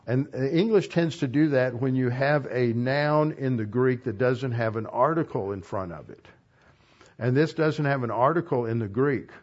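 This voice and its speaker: A man's voice: medium pitch, normal speed, muffled recording. Man teaching a verse-by-verse sermon. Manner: reads a verse, then stops to explain it. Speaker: Bible teacher. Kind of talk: expository sermon.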